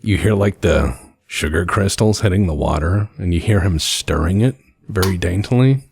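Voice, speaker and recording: A man narrating a tabletop role-playing game as the game master in a casual, lively way. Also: low-pitched, moderate pace, slightly rough, dry recording.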